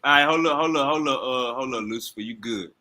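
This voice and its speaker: A man's voice: medium pitch, fast talker, bright, forceful tone. A man hosting a livestream debate, casually directing guests and checking whether they are connected. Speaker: debate host.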